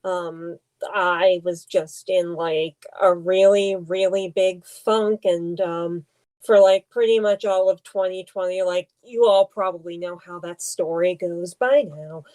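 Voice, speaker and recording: A young woman co-hosts a casual podcast, speaking slowly in a mellow, warm voice. She hesitates often, pausing and restarting her sentences. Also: on the low side, fairly even intonation, low-quality recording. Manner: hesitant, many ums and restarts. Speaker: podcast co-host.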